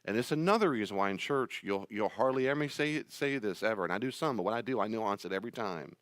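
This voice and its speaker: A man's voice: fairly low pitch, lively intonation, quick pace, fairly bright tone, dry recording. Pastor guy teaching, emphatic, bouncy up-and-down voice, lots of rhetorical questions, dry close sound. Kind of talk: sermon-style teaching talk.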